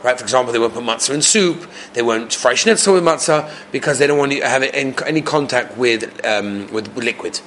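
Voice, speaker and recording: A man's voice: mid-range voice, a little fast, hardly any pauses, a bit bright, slight background noise. A man giving a storytelling Torah class, acting out the voices of the people in his stories and asking his listeners frequent rhetorical questions. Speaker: rabbi teaching a class.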